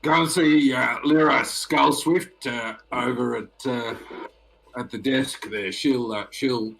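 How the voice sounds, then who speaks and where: A man's voice: mid-range voice, fairly even intonation, slow pace, creaky, a bit bright, low-quality recording. A man voicing a burly male half-orc doorman who talks bluntly in laid-back slang. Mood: gruff casual.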